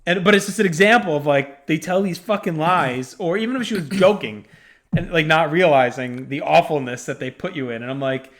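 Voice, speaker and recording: Casual male podcast co-host, fairly high voice, animated storyteller who swears freely. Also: a little fast.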